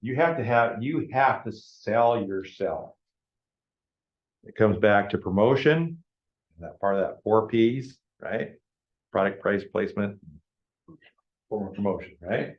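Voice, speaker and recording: A man with a fairly low voice runs a business planning workshop for a live group in a meeting room. He talks informally and keeps checking in with his listeners as he goes. The recording is dull and lo-fi, with a noticeable room echo. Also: animated, a little slow. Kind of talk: informal classroom lecture.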